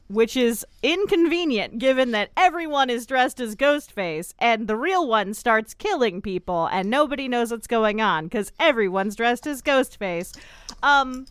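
A woman talking through a TV episode in a smooth, crisp voice that sits a touch high. She rambles sarcastically and scatters ums through her lines. The sound is close and dry, with no room around it. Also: a bit bright, dry recording. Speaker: podcast co-host. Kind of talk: casual chat recapping a TV episode.

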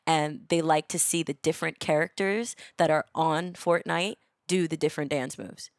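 Dancer girl on a podcast, bubbly, says like a lot, lowish voice, dry studio sound. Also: steady tone, normal speed, no room sound. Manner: bubbly, chatty, peppered with "like" and laughs. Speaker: podcast guest, professional dancer. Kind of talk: casual chat. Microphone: studio mic with headphones.

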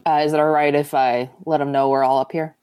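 A woman's voice: deep voice, little pitch movement, brisk, a little mellow, smooth. A woman taking part as a player in a tabletop game, speaking politely and tentatively. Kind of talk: tabletop role-play.

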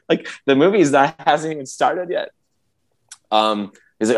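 A man's voice: a little high, wildly swooping pitch, unhurried, pauses often. A man in casual podcast chat, rambling with many restarts as he tells a story, acting out quotes and sound effects. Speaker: podcast co-host.

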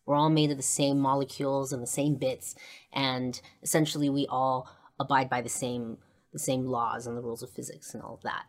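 A woman with a low voice tells a personal story as a podcast host. She rambles, circles back and fills pauses with ums and likes. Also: level tone. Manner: rambling, many fillers and restarts.

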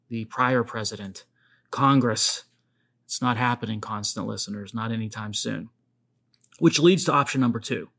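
A man's voice: medium pitch, gravelly. A man hosting his own podcast, giving emphatic commentary and speaking straight to his listeners. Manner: emphatic, addresses listeners directly. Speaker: podcast host.

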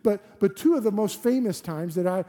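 A man's voice: sits high, moderate pace, mellow. A man preaching a sermon as a pastor, earnest and full of rhetorical questions and restarts. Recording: long hall reverb.

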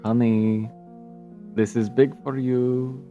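A flirtatious shapeshifting bard, voiced by a man speaks in a showy, flattering way. A soft bed of music plays behind. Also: mid-range voice, slow pace, narrow, tinny audio, close to an everyday voice. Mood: playful.

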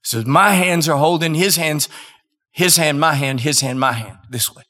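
A male preacher telling a story in a sermon, dramatic and emphatic, with weighty pauses. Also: on the high side, sharp tone. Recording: long reverb in a large hall.

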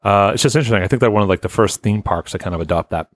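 A man's voice: lowish voice, rapid-fire, no echo. A man hosting a casual podcast, reading listener lists in a loose, rambling way and swearing offhand. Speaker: podcast host.

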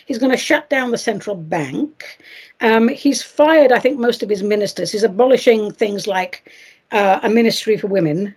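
A woman's voice: mid-range voice, normal speed, a little mellow, husky. A middle-aged woman hosting a podcast, giving a chatty, theatrical monologue full of sarcastic asides and giggles. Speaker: podcast host. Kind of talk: casual monologue commentary.

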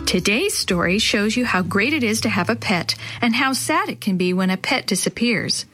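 A woman reading a chapter book aloud to children as host, with clear, expressive storytelling. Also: mid-range voice, moderate pace, soft background music.

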